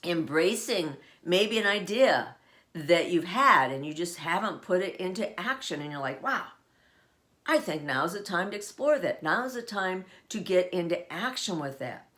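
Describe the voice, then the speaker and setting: Woman, middle-aged, podcast host, casual solo chat, lower voice, laughs often. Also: expressive, normal speed, fairly bright tone. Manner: chatty, laughs often, acts out quoted phrases.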